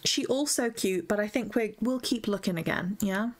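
A young woman gaming streamer chats her way through a session at normal speed in a medium-pitched voice. Gushing and talkative, she addresses herself and the creatures she meets, squealing at cute things and musing over her choices.

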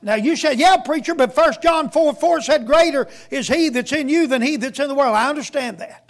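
A man's voice: very high-pitched, fairly quick. A man preaching a sermon as a guest preacher, telling a story in a folksy storytelling way.

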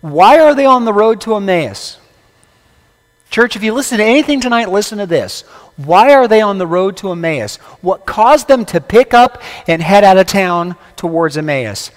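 A man's voice: sits high, expressive, moderate pace. A man preaching as a guest preacher, conversational and playful, quizzing the congregation with questions. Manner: playful humorous asides. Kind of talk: sermon. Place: church sanctuary. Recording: long church hall reverb.

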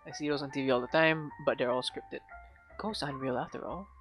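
A woman's voice: very deep voice, quick pace. A woman hosting a let's-play, giving joking, sarcastic running commentary. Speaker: gaming channel host. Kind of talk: casual let's-play chat. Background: game music.

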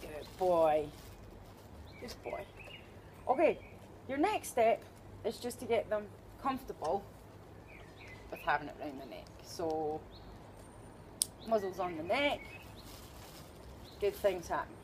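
Scottish woman, dog trainer, chatty and upbeat, mid-pitched voice, faint background noise. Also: sing-song, a little slow, pauses often. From Scotland. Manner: chatty, upbeat, joking asides. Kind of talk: informal training demonstration.

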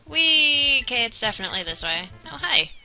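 A young woman giving casual, excitable commentary while playing a video game, talking to herself and the game. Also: medium pitch, measured pace, poor audio. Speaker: let's player. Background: game music.

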